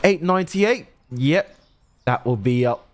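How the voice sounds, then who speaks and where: A man's voice: fairly high pitch, animated. A man doing a cheery till worker. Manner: brisk, friendly shop-worker patter. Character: cheery male shopkeeper touting and serving at a till.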